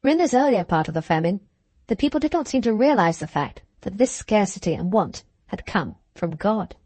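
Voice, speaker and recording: A woman reads a classic novel aloud in a measured, even way. Her voice sits at a middle pitch and the sound is close and dry, with no room around it. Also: husky, dry recording. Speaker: audiobook narrator. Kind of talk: scripted audiobook narration.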